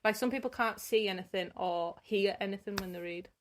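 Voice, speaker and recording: A woman's voice: mid-range voice, a little fast, a little hiss or hum. A woman co-hosting a casual podcast, easygoing and giggly, with lots of "like" in her speech. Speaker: podcast co-host. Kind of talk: casual chat.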